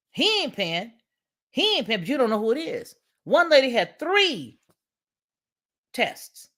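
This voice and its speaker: A woman hosting a livestream commentary, speaking in with an emphatic, preachy, repetitive manner. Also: medium pitch. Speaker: commentary channel host.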